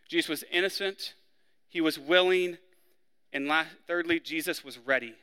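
A man preaching a sermon, acting out the criminals' words in a raised, forceful voice. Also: moderate pace, smooth, big-room sound. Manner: preaching, acts out the criminals' lines with rising pitch and force. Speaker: pastor.

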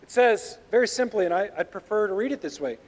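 High-voiced man preaching in a big hall. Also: animated, fast talker. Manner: preaching with big swells in volume and pitch on key phrases, dropping low for asides. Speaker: pastor. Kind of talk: sermon. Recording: long hall reverb.

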